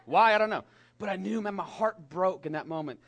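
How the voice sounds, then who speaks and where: A middle-aged man preaching a sermon to young people, animated and emphatic, dropping at times to a soft whisper. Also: high-pitched, brisk. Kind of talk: sermon to a youth congregation.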